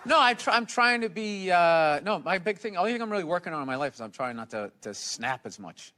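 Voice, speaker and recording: A man from the United States, a guest comedian in a casual interview, ranting in a blunt, profane, animated way. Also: high-pitched, fairly quick.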